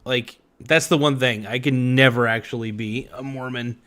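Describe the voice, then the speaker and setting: A man's voice: medium pitch, steady tone, normal speed, sharp tone. A man hosting a livestream podcast, chatting casually and profanely while he eats and reads out his live chat. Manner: rambling and profane, with many fillers.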